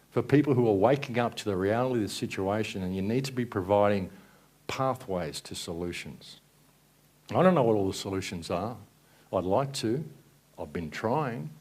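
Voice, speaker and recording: A man's voice: lowish voice, darkish tone. A man giving an angry, sarcastic presentation at a live event, swearing and ranting. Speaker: speaker at a conference.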